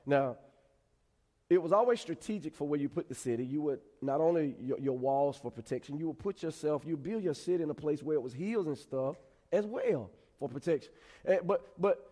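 A male preacher giving a conversational sermon with animated storytelling. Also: on the high side, a little fast, long reverb tail.

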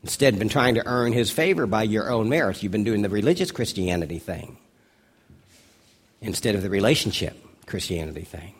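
A man preaching a sermon as a pastor, telling a story with lively emphasis. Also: normal speed, slightly rough. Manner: storytelling preacher, rises in pitch and volume for dialogue.

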